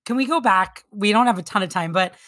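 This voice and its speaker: A woman interviewer with a mid-pitched voice keeps the conversation light. She is enthusiastic, adds chatty asides and steers toward the next question. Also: fast, fairly bright tone. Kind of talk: casual interview.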